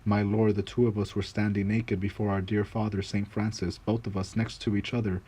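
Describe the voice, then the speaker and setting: A man's voice: on the low side, little pitch movement, fairly quick, dark tone, breathy edge. A man voicing a meek, frightened little male servant who speaks humbly and earnestly to his master. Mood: humble, earnest. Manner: humble, pleading.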